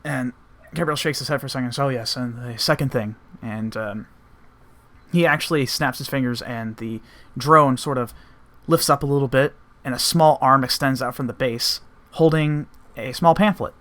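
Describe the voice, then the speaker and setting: A man narrating as game master, relaxed with many fillers, voicing characters along the way. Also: medium pitch, normal speed.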